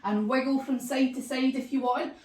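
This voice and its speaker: A woman teaching a children's yoga class as a story, animated and sing-song with playful sound effects. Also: sits high, moderate pace. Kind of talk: storytelling kids' yoga lesson. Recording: echoey room, voice from far off.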